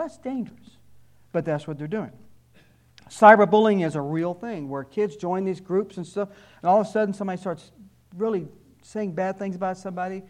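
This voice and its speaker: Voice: medium pitch, darkish tone. Informal talk: conversational speaker warning an audience, stumbling restarts, dry humor, mid-range voice. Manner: conversational, repeats words when starting sentences, wry asides.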